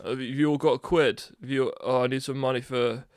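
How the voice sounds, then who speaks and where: Scruffy beggar, put on by a man telling a story; wheedling, repeats himself, smooth tone, dry. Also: medium pitch, steady tone, fairly quick, no room sound, natural voice. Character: rough-looking man in a tracksuit begging for taxi money.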